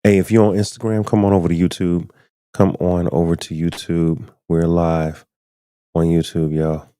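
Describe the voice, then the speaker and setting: Deep, mellow-voiced man hosting live. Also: little pitch movement, moderate pace, dry recording, clean studio sound. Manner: loose and chatty, addresses viewers directly. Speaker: podcast host. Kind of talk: casual live-stream commentary.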